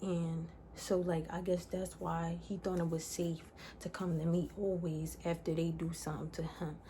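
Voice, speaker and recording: A woman's voice: lowish voice, flat delivery, moderate pace, dark tone, a little hiss or hum. A young woman telling a personal story in a casual, candid way, rambling with lots of "like" fillers. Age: young adult. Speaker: vlogger.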